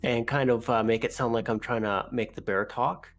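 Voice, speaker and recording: A man's voice: medium pitch, steady tone, moderate pace. A man playing a tabletop game, describing his character's actions hesitantly, with many fillers. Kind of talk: casual game chat.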